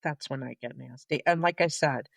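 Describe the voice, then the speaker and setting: Low-voiced blunt woman co-host. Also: moderate pace, gravelly, no room sound, clean studio sound. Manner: blunt, swears freely, reacts with short quips. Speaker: podcast co-host. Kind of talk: casual chat.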